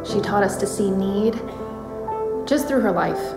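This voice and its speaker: A woman speaks sincerely in a documentary interview. Her voice echoes in the room. Loud music plays beneath her. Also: mid-range voice, measured pace, vocal fry. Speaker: daughter.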